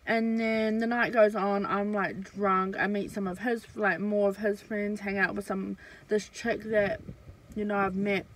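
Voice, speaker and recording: A woman's voice: mid-range voice, little pitch movement, a little slow, rough recording. A young woman, telling a story in a casual, chatty way with lots of fillers and swearing. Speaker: vlogger.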